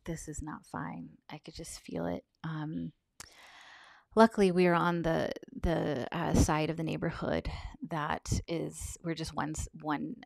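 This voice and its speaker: A woman telling a personal story in a soft, halting, reflective way, often close to a whisper and on the verge of tears. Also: sits low, vocal fry, dry recording. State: tearful, on the verge of crying. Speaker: vlogger sharing a personal account.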